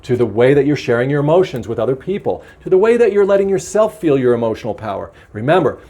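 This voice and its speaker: A man giving a spiritual card reading to his viewers, earnest, gentle and encouraging, slowing down to stress key words. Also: medium pitch, very animated. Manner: acts out angry outbursts with a laugh. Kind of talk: solo tarot-style card reading.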